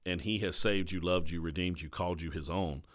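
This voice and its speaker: A man with a Southern American accent, a pastor hosting a podcast, talking earnestly and confessionally in casual conversation and often checking in with a quick question tag. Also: sits low, steady tone.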